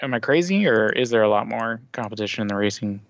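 A man hosting a casual gaming news podcast, relaxed and laughing often as he reads from press releases. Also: fairly low pitch, fast, no room sound. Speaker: podcast host. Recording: dull dry lo-fi sound.

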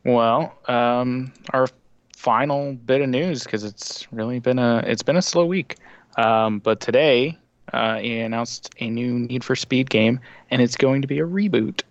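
A man hosting a casual gaming news podcast, relaxed and laughing often as he reads from press releases. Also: mid-range voice, unhurried, no echo. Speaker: podcast host. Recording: dull dry lo-fi sound.

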